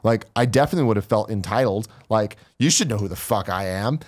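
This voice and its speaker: A man's voice: fairly low pitch, animated, fast. A man co-hosting a casual podcast chat, telling stories and acting out quotes in a raised voice. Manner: storytelling, acts out quotes in a raised voice. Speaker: podcast co-host.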